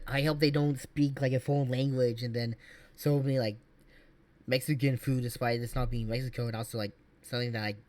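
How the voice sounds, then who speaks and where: A man streaming casual reaction commentary, rambling with many fillers and restarts. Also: mid-range voice.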